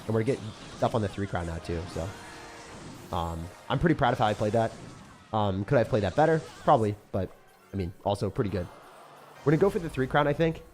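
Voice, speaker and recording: A man's voice: lowish voice, expressive, fairly quick, long pauses, music in the background. A young man giving casual, chatty gameplay commentary as a channel host. He talks in slang, jokes around and laughs often.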